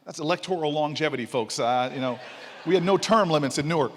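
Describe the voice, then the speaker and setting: A senator giving a keynote speech, telling stories and building to rousing emphasis. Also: male voice, fairly high pitch, fast talker, a little hiss or hum. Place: large convention hall. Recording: reverberant hall.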